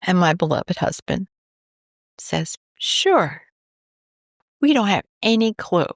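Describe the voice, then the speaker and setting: Unhurried and lowish, this woman's voice is captured in clean studio sound with no echo. She's a cancer researcher from New York telling a story in a podcast interview, full of animation as she acts out quoted dialogue.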